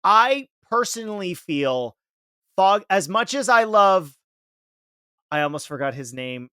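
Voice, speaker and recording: A man's voice: high voice, big pitch swings, takes it slowly, sharp tone, smooth, dry recording, clean studio sound. Rambling male podcast host. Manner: rambling, searching for words. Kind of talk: casual podcast discussion.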